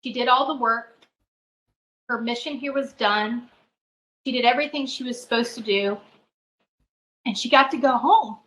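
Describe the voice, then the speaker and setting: Bright-voiced woman telling her story. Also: fairly high pitch, low-quality recording. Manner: earnest, halting, restarts phrases. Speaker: guest, spiritual advisor. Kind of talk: personal storytelling in a podcast interview.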